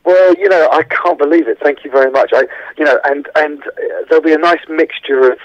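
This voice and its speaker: A man's voice: fairly high pitch, fairly quick, no room sound. A man, a musician guest chatting enthusiastically in a radio interview, talking with lots of restarts. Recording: dry, dull phone-line sound.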